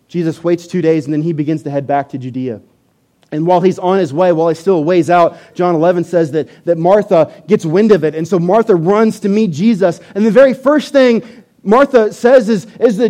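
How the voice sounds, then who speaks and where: Male preacher, animated and emphatic, voice a touch high. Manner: animated, emphatic, repeats words. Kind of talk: sermon.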